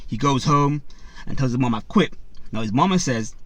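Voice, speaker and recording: A man hosting a boxing channel, telling a story in a loose, conversational way. He stops often on fillers like "um", slips into quick voices for the people in the story and speaks straight to his audience. His voice sits in a middle range and sounds dry and close, with little room around it. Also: mid-range voice, animated, a bit bright, no echo. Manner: retells a story with many fillers, acts out quotes, addresses viewers. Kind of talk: casual storytelling reaction.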